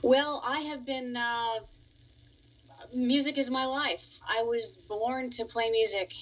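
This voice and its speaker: A radio interview guest from Long Island, New York speaks slowly in a steady voice on the high side, and the audio is poor. She's in her forties, a musician who teaches piano, and she chats easily, laughing often while telling her story.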